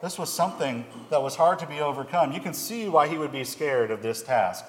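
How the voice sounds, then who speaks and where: A man's voice: on the high side, expressive, brisk, a little hiss or hum. Earnest man preaching in an echoey hall. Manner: reads scripture aloud, then explains it in plain earnest speech. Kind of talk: sermon. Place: church hall. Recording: echoey hall, long reverb.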